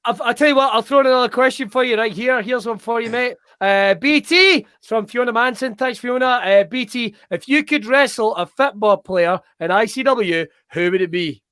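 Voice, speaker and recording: Scottish male host, higher voice, dry close sound, sweary excitable banter. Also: normal speed, few pauses, clear, resonant tone, no room sound. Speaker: podcast host. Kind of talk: casual chat.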